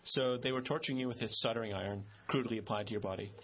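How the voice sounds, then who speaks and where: A man's voice: mid-range voice, steady tone, very fast, a bit bright, muffled recording, slight background noise. A man co-hosting a call-in radio show, cracking jokes and teasing callers. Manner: wisecracking, teasing. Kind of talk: casual talk radio banter.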